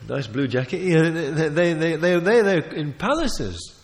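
A man preaches with a fairly high voice that rises and falls dramatically, emphatic and full of restarts and quick asides. His voice rings with the long reverb of a big hall. He sounds like a preacher working a congregation. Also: expressive. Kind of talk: sermon.

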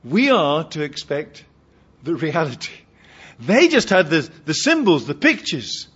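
A man delivering a sermon in a fairly high voice, pushing hard on key words and then falling into soft, low asides. The recording is dull and lo-fi. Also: huge pitch swings, a little slow, slightly rough. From Britain. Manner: emphatic, swings between loud ringing emphasis and low asides. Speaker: preacher.

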